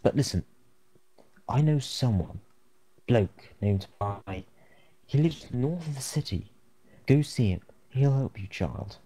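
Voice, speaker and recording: Stressed, short-tempered game doctor, put on by a man, lively pitch, improvised. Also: slow pace, pauses often, breathy edge. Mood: irritable. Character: irritable stressed male town doctor.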